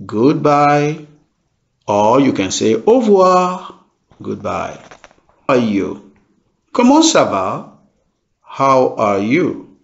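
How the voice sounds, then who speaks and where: A middle-aged man gives a beginners' language lesson, pacing each phrase very slowly and repeating it with care. His voice carries a gravelly edge and rises and falls in lively swings. The recording sounds dull and lo-fi. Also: mid-range voice. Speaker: French teacher.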